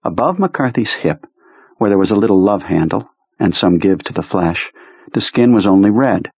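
A man narrating an audiobook in a measured, low-key storytelling manner. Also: lively intonation, vocal fry, darkish tone, slightly rough, no room sound. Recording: dry, slightly muffled recording.

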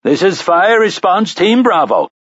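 A man voicing a robot fire engine that blares announcements loudly and mechanically. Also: high-pitched, very animated, measured pace, no room sound, dull audio, pitched above the performer's own voice, full character voice. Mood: commanding.

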